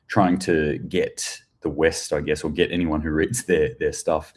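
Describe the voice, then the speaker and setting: A man's voice: very deep voice, fairly even intonation, normal speed, few pauses, darkish tone. An Australian man giving casual news commentary, rambling and chatty, with crude jokes and plenty of fillers.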